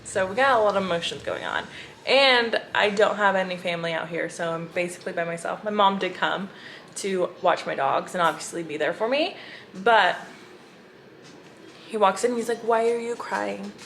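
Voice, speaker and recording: A woman's voice: fairly low pitch, moderate pace, slight background noise. A young woman chatting casually on her book vlog, gushing and telling stories to her viewers. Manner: gushing, animated storytelling to viewers. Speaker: book vlogger.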